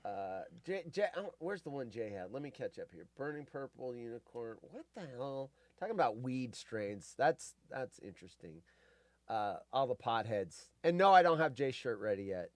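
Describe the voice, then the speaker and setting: Animated male streamer on a dry mic. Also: mid-range voice, no room sound. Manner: animated, reacts and reads chat aloud. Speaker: livestream host. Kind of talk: casual livestream chat.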